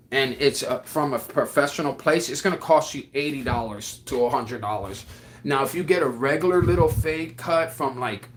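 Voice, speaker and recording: A man on a casual livestream who reads viewer comments aloud and chats in an excitable, slangy way full of restarts. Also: mid-range voice, slight background noise. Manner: drawling slang with frequent restarts.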